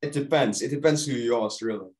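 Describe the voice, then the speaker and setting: A man's voice: medium pitch, quick pace, darkish tone, low-quality recording. A young man from Indonesia, his Indonesian-accented English drifting toward British, co-hosting a casual podcast chat and rambling with lots of "like". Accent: Indonesian-accented English shifting toward British. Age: young adult. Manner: rambling, heavy use of "like". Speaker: podcast co-host.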